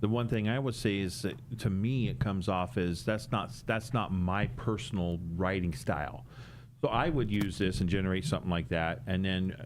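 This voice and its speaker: A man's voice: sits low, normal speed, a little hiss or hum. A man co-hosting a podcast, chatting casually and cracking jokes. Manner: chatty, joking, laughs easily. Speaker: podcast co-host.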